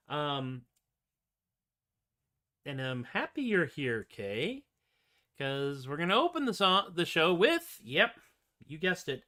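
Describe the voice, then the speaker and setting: A man's voice: fairly high pitch, pushed and bright. A man hosting a casual music livestream, chatting between songs in a rambling, self-mocking way. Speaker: singer-songwriter host. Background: acoustic guitar.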